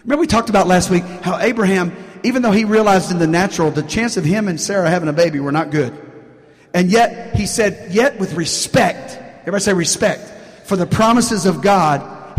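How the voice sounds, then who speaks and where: A man preaching to his congregation from the pulpit, with a fairly high voice and an animated, back-and-forth delivery that keeps asking the room for an "Amen". His words ring out with a long reverb across a large church hall. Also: brisk. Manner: animated, call-and-response preaching with frequent "Amen?". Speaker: pastor. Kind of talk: sermon. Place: church sanctuary.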